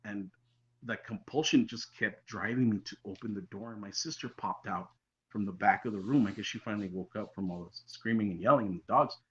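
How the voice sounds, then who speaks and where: A man, a podcast guest telling his own encounter story in an animated way that sometimes drops very quiet. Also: on the low side, a little fast. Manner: animated storyteller, drops to near-whispers for tense moments. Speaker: interview guest. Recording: dull lo-fi sound.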